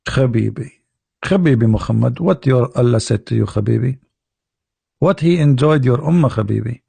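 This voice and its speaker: A man's voice: mid-range voice, lively intonation, moderate pace, creaky, warm tone, breathy edge, dry recording, exaggerated voice. A man putting on a chummy older man who coaxes with repeated terms of endearment. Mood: coaxing. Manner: repeats a term of endearment, coaxing.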